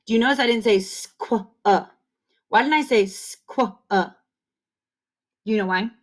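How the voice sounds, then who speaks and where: Slow-talking kindergarten teacher lady, encouraging, my turn your turn drills to camera. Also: a little high. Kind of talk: online phonics lesson. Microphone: camera facing the speaker.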